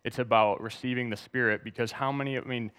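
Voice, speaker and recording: A man's voice: mid-range voice, fairly even intonation, quick pace, fairly bright tone, clear, resonant tone, big-room sound. A man preaching a sermon, reading scripture aloud and asking the congregation to turn to verses. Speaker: pastor.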